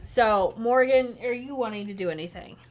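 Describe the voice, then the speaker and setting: A woman's voice: a little high, moderate pace, background noise. A woman narrating as game master of an online tabletop game, chatty and loose with fillers. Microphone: headset or desk mic, online stream.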